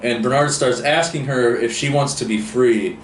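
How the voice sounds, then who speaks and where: A man's voice: mid-range voice, normal speed. Rambling man reviewing a book, echoey. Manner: rambling, many fillers and restarts. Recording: roomy echo, distant mic, faint hiss.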